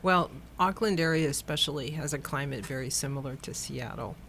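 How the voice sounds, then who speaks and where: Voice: mid-range voice, brisk, creaky, a bit bright, slight background noise. A guest from Hawaii telling long, rambling anecdotes in a casual chat, with plenty of fillers along the way.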